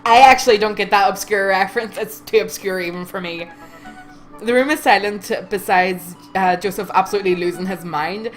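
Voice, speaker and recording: A woman's voice: mid-range voice, faint music behind. Giggly, congested woman streamer. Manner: giggly, reads lines slowly, breaks into laughter. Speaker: let's play streamer. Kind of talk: reading game dialogue aloud with commentary.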